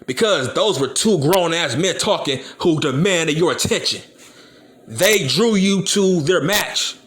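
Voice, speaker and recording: Profane, animated ranting man. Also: fairly high pitch, a little slow. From Compton, California. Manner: blunt, profane, emphatic. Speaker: channel host. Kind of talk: ranting commentary video.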